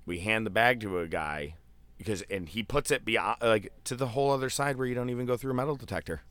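A man telling a long story in casual podcast chat, loose and animated, with swearing and filler words. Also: lowish voice, quick pace, no echo.

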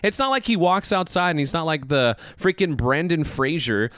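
Animated, excitable man ranting on a podcast. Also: on the high side, moderate pace, clear, resonant tone, no echo, clean studio sound. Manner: animated, laughing, swearing, mock voices. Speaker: podcast host. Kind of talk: casual anime podcast rant.

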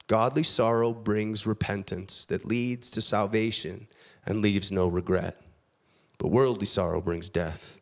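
A man preaching a sermon, reading scripture aloud, with big swings between loud, lifted passages and quiet, low asides. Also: creaky. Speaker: pastor.

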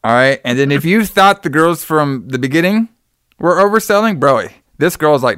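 A man's voice: on the high side, expressive, moderate pace, a bit bright, clean tone, no room sound, clean studio sound. A man chatting casually as a podcast co-host, recapping a movie in a rambling, profane way and acting out the characters' lines. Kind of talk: casual chat.

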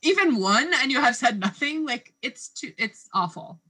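A woman's voice: fairly high pitch, animated, moderate pace, pushed and bright, breathy edge. A woman co-hosting a casual podcast, reading out timestamps and reacting with playful disgust. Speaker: podcast co-host. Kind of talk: casual rewatch chat.

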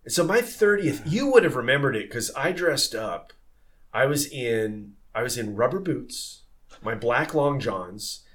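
A man in a relaxed podcast conversation tells old sailing stories with lively energy. He talks in a loose way, full of fillers, restarts and repeated words. His voice sits at an ordinary middle pitch. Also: measured pace. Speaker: former tall ship sailor.

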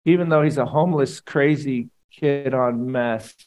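Animated man preaching. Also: mid-range voice, a little slow, poor audio. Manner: conversational, animated preaching with playful asides. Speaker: pastor. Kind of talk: sermon.

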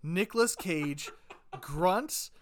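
A man co-hosting a casual podcast, trading dry, wry jokes. His voice sits slightly high and moves around a lot in pitch. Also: animated, extremely slow. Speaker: podcast co-host. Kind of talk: casual chat.

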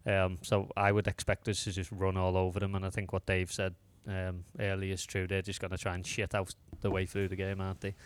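A man's voice: deep voice, completely flat delivery, clean tone. A man on a football podcast panel, teasing the others and giving his opinion on upcoming games. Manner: teasing, then measured analysis. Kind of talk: casual chat and football analysis.

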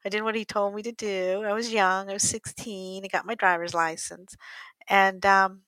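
A woman's voice: mid-range voice, pushed and bright, dry recording, low-quality recording. Older woman telling a rambling story. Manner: rambling, with self-corrections and frequent laughs. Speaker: interviewee. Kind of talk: casual storytelling.

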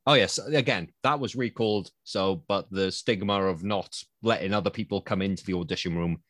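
Low-voiced man hosting a podcast. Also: moderate pace, hardly any pauses, no echo, studio quality. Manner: animated, acts out quoted voices with big pitch jumps. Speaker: podcast host, actor. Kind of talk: casual podcast chat.

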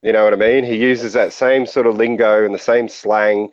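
A man's voice: lowish voice, little pitch movement, normal speed, dry recording, dull audio. A man co-hosting a podcast, talking through his opinions in a rambling way with lots of fillers. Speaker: podcast co-host. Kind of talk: casual chat.

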